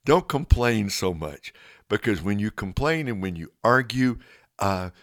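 A man's voice: lowish voice, expressive, unhurried, no echo, clean studio sound. A man reading a scripture passage on a radio show and giving an earnest devotional word. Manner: earnest, gently preachy.

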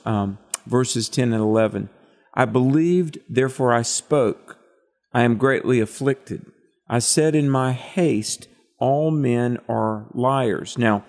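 A man's voice: medium pitch, gravelly, darkish tone. Man teaching a Bible passage. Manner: preacherly, asks questions of co-host. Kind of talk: Bible study discussion.

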